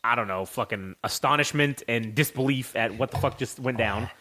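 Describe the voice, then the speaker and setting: A man's voice: mid-range voice, moderate pace, bright, forceful tone, a little hiss or hum. A man telling a rambling, profane story as a podcast co-host. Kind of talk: casual storytelling.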